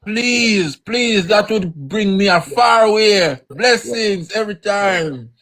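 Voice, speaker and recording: A Jamaican host with a high voice, speaking in a relaxed, chatty way. He thanks callers readily and keeps the talk friendly and encouraging. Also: takes it slowly. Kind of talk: casual call-in hosting.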